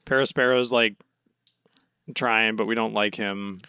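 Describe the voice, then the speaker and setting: A man's voice: on the low side, fairly even intonation, unhurried, bright, forceful tone, smooth, dry recording. A man co-hosting a casual podcast, laid-back and giggly as he recaps the story. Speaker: podcast co-host.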